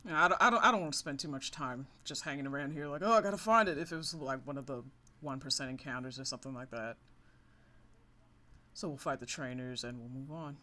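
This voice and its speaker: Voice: mid-range voice, a little fast, sharp tone. A gamer giving casual, rambling commentary over a monster-catching game, often laughing and apologizing for going off track. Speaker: let's-play gamer.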